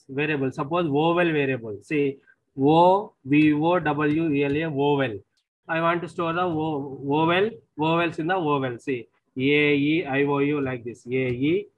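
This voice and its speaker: Man, Indian English accent, recorded lecture, slightly high-pitched, repeats himself, keeps saying "see". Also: phone-quality sound. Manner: repetitive, explanatory, often says "see".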